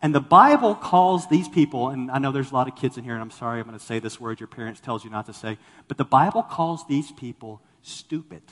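A man's voice: mid-range voice, animated, a little fast, hardly any pauses, long reverb tail. A man preaching a sermon as a pastor to a congregation, talking animatedly and acting out the people he quotes. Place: church sanctuary with congregation.

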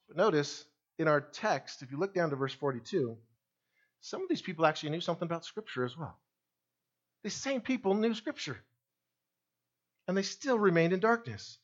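A man's voice: a little high, very animated, moderate pace, dull audio. A male pastor preaching a sermon, emphatic and full of rhetorical questions put to the congregation.

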